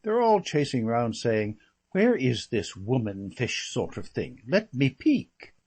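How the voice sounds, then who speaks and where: A flippant young gentleman rattling off gossip, as a man reads him. His husky voice leaps up and down in pitch with every aside. It is an audiobook reading of a chatty, careless talker. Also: sing-song, slow pace, exaggerated voice. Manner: rambling, breezy, full of slangy asides.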